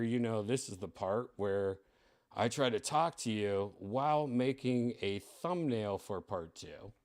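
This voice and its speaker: A man hosting a live stream, talking casually in a rambling, excitable way with lots of fillers. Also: fairly low pitch. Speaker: streamer host.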